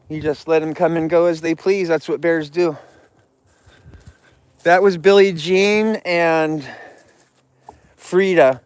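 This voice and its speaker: Smooth-voiced man chatting on a live stream. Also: no echo. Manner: cooing baby talk to the bears, squealing high; relaxed, rambling, reads out chat names. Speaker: livestream host with bears. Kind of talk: casual livestream chat. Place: outdoors among bears.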